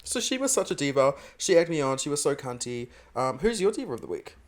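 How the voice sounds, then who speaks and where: A man's voice: on the high side, sing-song, fast. A young man, co-hosting a podcast and telling a gossipy story full of camp slang. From Australia. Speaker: podcast co-host. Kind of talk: casual chat.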